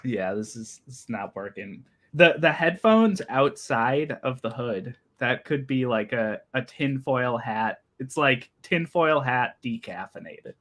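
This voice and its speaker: A man's voice: medium pitch, expressive, a little slow, a bit bright. A man joining a casual reading livestream over a video call, joking around and laughing at himself. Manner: jokey, rambling, laughs at himself.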